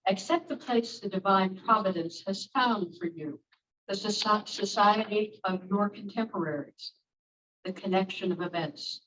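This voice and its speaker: A woman reads a text aloud to a group, careful and deliberate, sometimes tripping over a word. She sits away from the microphone, so the sound is distant and muffled, with a faint hiss behind her. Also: mid-range voice, a bit bright. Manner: careful reading with occasional stumbles. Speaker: group member reading aloud. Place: church meeting room. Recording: distant, dull room recording with faint noise.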